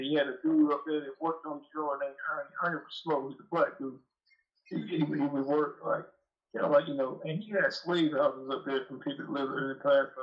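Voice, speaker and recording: A man's voice: fairly high pitch, highs cut off. A man telling a long, profane, rambling story on a live call-in show. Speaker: guest dog breeder.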